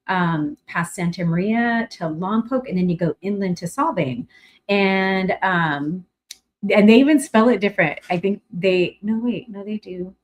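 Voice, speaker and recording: Chatty woman rambling through a livestream. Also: medium pitch. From California. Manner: chatty and rambling, with many fillers and restarts; bright and effusive when greeting viewers. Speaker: livestream host. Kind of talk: casual livestream chat.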